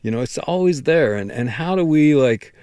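A man's voice: fairly high pitch, lively intonation, normal speed, darkish tone, smooth, no room sound, clean studio sound. A man who writes and teaches, speaking as an interview guest with earnest enthusiasm, often restarting as he thinks aloud. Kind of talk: conversational interview.

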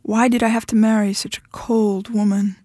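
A woman's voice: mid-range voice, flat delivery, normal speed, dark tone, no room sound, studio quality, natural voice. A woman voicing a heartbroken man who pleads with his estranged wife, tearful and insistent. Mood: anguished.

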